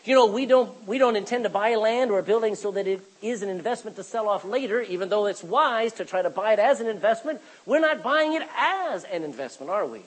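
A man's voice: high-pitched, animated, a little fast, hardly any pauses, poor audio. A man preaching a sermon as pastor, reading scripture aloud and calling out for amens from the congregation.

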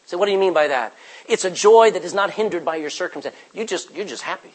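Male pastor, husky and slightly high, emphatic sermon delivery that drops from loud to near-hushed. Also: fast talker, rough recording.

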